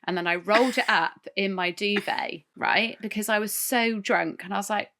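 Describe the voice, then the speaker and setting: A woman co-hosting a podcast, telling a funny story in casual chat, animated and often laughing. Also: medium pitch, moderate pace, few pauses. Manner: animated, laughing, tells stories with voiced asides. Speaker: podcast co-host.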